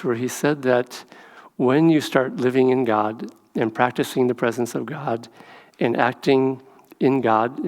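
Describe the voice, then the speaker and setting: A man giving a gentle, rambling spiritual talk as a monastic speaker, telling stories with many fillers. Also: medium pitch, big-room sound. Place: temple hall.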